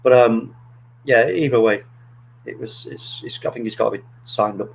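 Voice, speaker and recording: Man, podcast host, casual football talk, rambling, animated storytelling. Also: mid-range voice, moderate pace, vocal fry, breathy edge, rough recording.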